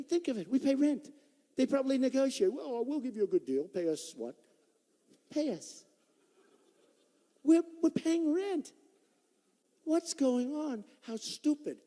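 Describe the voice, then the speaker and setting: A man speaking at a campaign rally, his pitch sitting fairly high and leaping up and down as he hammers points home. He repeats himself for emphasis in a loose, unscripted delivery, his voice dark in tone. A long reverb from a large hall trails every phrase. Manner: emphatic, repetitive, off-the-cuff. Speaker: political candidate. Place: large indoor rally venue.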